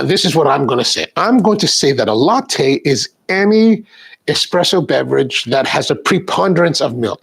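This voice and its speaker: A man with a gravelly, medium-pitched voice and a breathy edge sounds stuffed-up in the sinuses. He hosts a casual live coffee show, chatting directly to his viewers.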